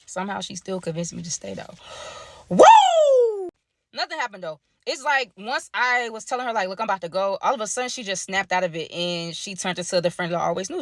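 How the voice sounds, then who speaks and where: A woman's voice: lowish voice, fairly bright tone, no echo. A young woman telling a story to camera in a slangy, gossipy way, talking straight to her viewers on a phone at arm's length. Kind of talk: casual story time to camera.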